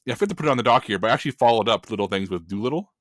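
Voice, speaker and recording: A man on a film podcast panel, ranting in an animated, emphatic and opinionated way in casual chat. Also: mid-range voice, racing, dry recording, studio quality.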